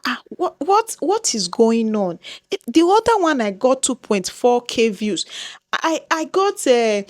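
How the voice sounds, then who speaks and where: A woman's voice: high voice, dry recording, clean studio sound. A woman with a Nigerian accent vlogging to her viewers, dramatic and exclaiming, often repeating herself. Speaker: YouTuber. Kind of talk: casual vlog talk to viewers.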